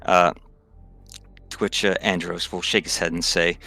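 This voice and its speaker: A man narrates a tabletop game as game master, halting and full of restarts. His voice is very deep and gravelly, with a bright, forceful tone. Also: little pitch movement, faint music behind. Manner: halting, many fillers and restarts.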